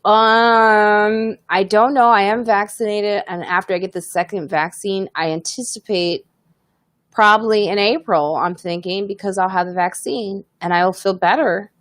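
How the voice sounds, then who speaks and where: A woman's voice: mid-range voice, fairly even intonation, measured pace, a bit bright, dry recording, studio quality. A woman comedian hosting a casual live podcast, talking candidly and reading viewer comments aloud.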